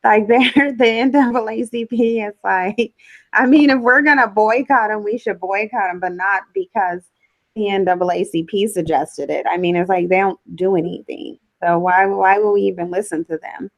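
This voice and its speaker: A woman's voice: medium pitch, normal speed, no echo, rough recording. A woman speaking as a guest on a talk show, giving blunt, opinionated, dismissive views in casual chat.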